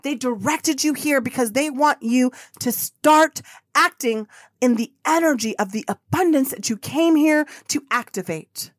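Female podcast host, high-pitched, passionate motivational delivery, dry booth sound. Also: measured pace, no echo. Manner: emotional, fervent, repetitive affirmations.

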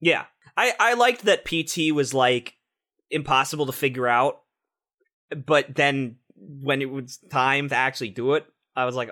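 Animated swearing young podcast host. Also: male voice, mid-range voice, a little slow. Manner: animated, swearing, many restarts. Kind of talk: casual chat.

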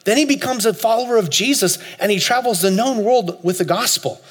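A man in his forties preaching a sermon, telling a story with loud high bursts and soft low asides. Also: a little fast. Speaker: pastor. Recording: long hall reverb, faint music.

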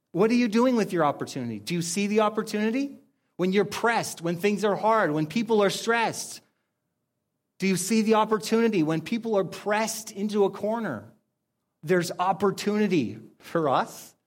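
A man with a notably high-pitched voice delivers a conversational sermon. He keeps it informal, hammers key lines through repetition and slips into quick voices to act out little exchanges. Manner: repeats key phrases for emphasis. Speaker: pastor.

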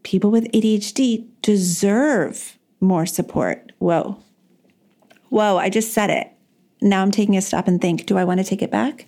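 A woman's voice: mid-range voice, moderate pace, mellow. A woman hosting a solo advice podcast, talking in an earnest, encouraging and self-deprecating way. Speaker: podcast host.

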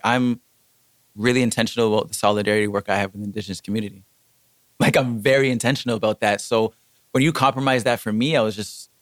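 Animated young man telling a story. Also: no echo. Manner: animated, acts out quotes with jumps in pitch. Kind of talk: casual storytelling chat.

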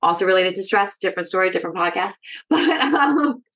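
A woman with a mid-range voice, speaking as a stress management educator in a podcast interview. She talks in a casual, energetic and direct way. She keeps turning to the listener with quick "right?" checks. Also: mid-range voice.

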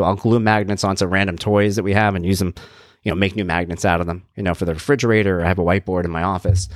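With a low-pitched voice and no echo, the podcast host, a thirtysomething man from Long Island, New York, spins a self-deprecating, casual tale. He imitates each voice he quotes.

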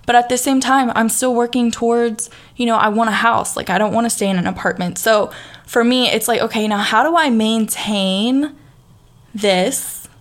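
A woman's voice: fairly high pitch, normal speed. A young woman with a Southern accent talks through a casual motivational podcast monologue, full of fillers and restarts. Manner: chatty, frequent fillers and restarts, laughs easily. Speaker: podcast host.

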